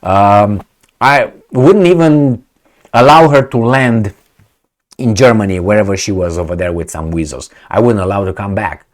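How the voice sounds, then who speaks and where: A man's voice: fairly low pitch, normal speed. A middle-aged man from Romania giving a heated, sarcastic video commentary, mocking and ranting at his viewers.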